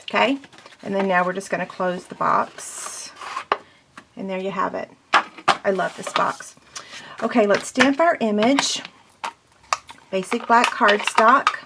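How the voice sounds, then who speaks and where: Woman craft demonstrator, casual how-to delivery, mid-range voice, faint noise floor. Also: medium pitch. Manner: chatty, step-by-step, self-deprecating.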